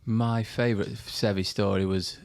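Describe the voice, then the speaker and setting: A man, a golfer guest telling lively anecdotes on a podcast. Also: fairly low pitch, measured pace, creaky, clean tone. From England. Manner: animated anecdotes, acts out voices. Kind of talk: storytelling interview.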